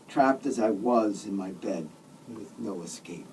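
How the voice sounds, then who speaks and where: A man's voice: fairly low pitch, a little slow, a little mellow, distant mic, a little hiss or hum, low-quality recording. A man, the author, reading his own comic novel aloud in a sardonic, grumbling manner with mock outbursts.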